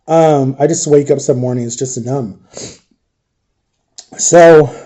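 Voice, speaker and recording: A man's voice: mid-range voice, takes it slowly, warm tone. A man vlogger telling an emotional storytime monologue to his viewers, tearful, raw and confiding. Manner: addresses viewers directly.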